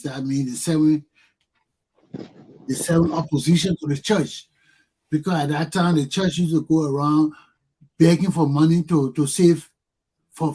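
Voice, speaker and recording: Husky-voiced man preaching on a talk show. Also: fairly high pitch. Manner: preachy, animated, acts out quotes. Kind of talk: casual religious discussion.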